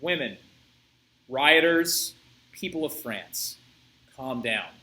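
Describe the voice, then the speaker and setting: A male teacher voicing a composed, charming nobleman calming an angry crowd, in a low, steady and commanding way. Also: takes it slowly, echoey room, rough recording.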